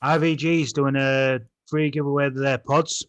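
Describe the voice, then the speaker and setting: A man's voice: mid-range voice, flat delivery, moderate pace, a bit bright, smooth, no room sound, dull audio. A man co-hosting a podcast, reading out a list of deals and stumbling over product names. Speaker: podcast co-host.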